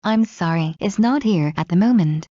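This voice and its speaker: A woman reading common English phrases aloud one by one in a clear, measured way, as in a language lesson. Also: on the low side, animated, warm tone, no room sound. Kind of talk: slow read-aloud phrase drills. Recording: dull lo-fi recording.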